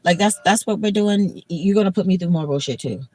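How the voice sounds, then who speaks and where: A woman's voice: on the low side, a little fast, dark tone, poor audio. Emotional woman venting from her car. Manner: emotional, rambling, heavy filler "like"; blunt and profane. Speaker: livestream host. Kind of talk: casual venting livestream. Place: in a moving car.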